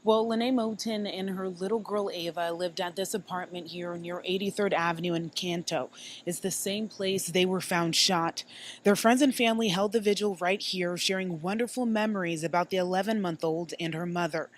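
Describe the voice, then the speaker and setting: A woman giving a live news report from the field in a steady, clear delivery. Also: lowish voice, normal speed, a little hiss or hum.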